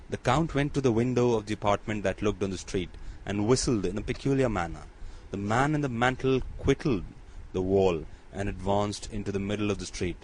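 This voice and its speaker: A man reading audiobook narration in a steady, even manner. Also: fairly low pitch, moderate pace, slight background noise, low-quality recording.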